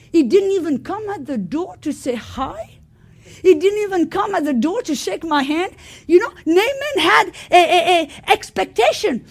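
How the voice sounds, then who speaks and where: A woman preaching a sermon, telling the story by acting out the characters' voices and moving from quiet asides to loud exclamations. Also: very high voice, lively intonation, normal speed.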